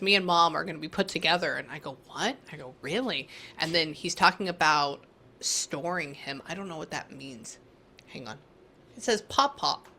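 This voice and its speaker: A woman in the middle of a spirit reading talks her way through it out loud and keeps stopping herself to say hang on. Her voice sits a little low but sounds bright and forward. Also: slight background noise. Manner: chatty, thinks aloud, keeps saying "hang on". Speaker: psychic medium. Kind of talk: live reading session.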